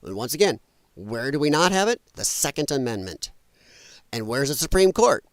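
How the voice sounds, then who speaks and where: A livestream host works at his computer while delivering a furious, blunt political rant with some profanity. His mid-range voice is very animated at a moderate pace, and the recording is dry.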